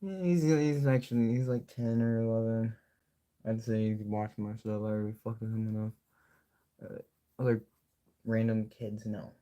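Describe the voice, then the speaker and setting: A man's voice: on the low side, fairly even intonation, moderate pace, dark tone. A young man rambling through a live painting stream, jumping between jokes and mock rants. He curses casually and keeps up a running chatter to his viewers as he works. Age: young adult. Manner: loose, joking, swears freely, talks to himself.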